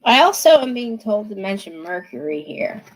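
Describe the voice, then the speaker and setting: A woman's voice: mid-range voice, sing-song, normal speed, rough recording. A woman giving live tarot readings in a chatty, emphatic way, laughing often. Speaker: tarot reader.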